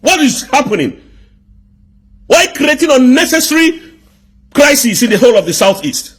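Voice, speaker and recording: A man's voice: extremely high pitch, very animated, normal speed, a bit bright, slightly rough. A man with a Nigerian accent delivering an angry political rant, firing off indignant rhetorical questions. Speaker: commentator.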